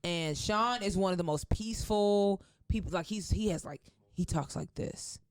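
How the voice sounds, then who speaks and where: A woman guest spins a long story in casual podcast chat. She is excitable and profane, and she swings her voice up and down to act out each person she quotes. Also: moderate pace, smooth. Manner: excitable, profane, acts out quotes with big pitch jumps.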